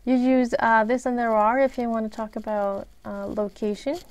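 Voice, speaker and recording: A woman with a Swedish accent, a native Swedish speaker, giving a recorded English grammar lesson. She talks in a measured way, lists examples one by one, and often pauses with "uh". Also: a little high, flat delivery, a little mellow. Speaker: English teacher.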